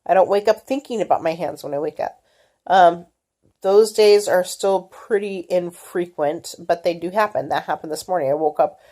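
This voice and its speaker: Middle-aged female vlogger, lowish voice, candid, halting delivery. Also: darkish tone. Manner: candid, halting, many fillers and restarts. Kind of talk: personal health story, casual.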